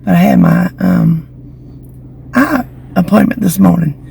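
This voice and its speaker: Casual vlogger, woman, gravelly and a bit hoarse, chatty and gossipy, phone mic outdoors. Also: lowish voice, huge pitch swings, unhurried, dark tone, a little hiss or hum, rough recording. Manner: chatty, gossipy storytelling with giggles. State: slightly hoarse from lingering illness. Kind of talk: casual chat to camera. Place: outdoors in the shade beside a building. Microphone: phone camera.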